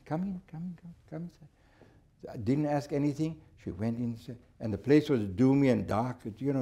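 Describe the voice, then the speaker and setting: A man from South Africa teaching a church Bible lesson, telling stories in a conversational, halting way with many repeated words. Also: mid-range voice, warm tone. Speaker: Sabbath school teacher.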